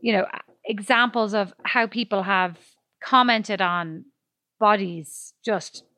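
A woman co-hosting a podcast in casual chat, reacting quickly and laughing. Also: medium pitch, sharp tone, dry recording. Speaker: podcast co-host.

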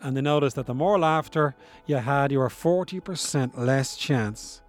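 A man's voice: mid-range voice, moderate pace. A man explaining science in a casual, chatty way, often asking his listeners rhetorical questions. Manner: chatty, asks rhetorical questions, demonstrates laughs. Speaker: science presenter. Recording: dry with faint music behind.

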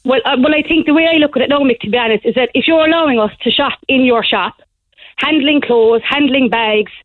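A woman's voice: high-pitched, no room sound. Woman telling a story down a phone line. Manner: animated storyteller, fast and breathless. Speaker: caller. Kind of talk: phone-in call to a radio show.

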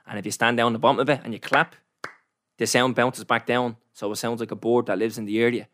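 A man's voice: medium pitch, level tone, fast, fairly bright tone, no room sound. A young Irish man telling a rambling travel story in casual chat, slangy and sweary. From Ireland.

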